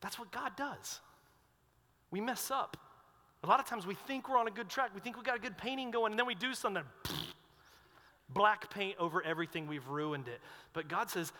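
Animated high-voiced preacher in a hall. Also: male voice, normal speed. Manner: animated storytelling, swings between loud and hushed. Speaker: pastor. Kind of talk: sermon. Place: large hall with long reverb. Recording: long hall reverb.

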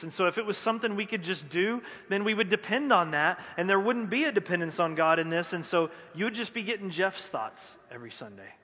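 A man's voice: high-pitched, sharp tone. A man preaching a sermon as pastor, conversational and self-deprecating, with joking acted asides. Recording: echoey hall.

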